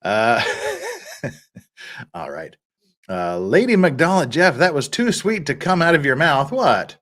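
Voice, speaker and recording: A man's voice: medium pitch, big pitch swings, slow, a bit bright. A middle-aged man hosting a live stream, chatting casually, reading out viewer comments and laughing often. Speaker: livestream host.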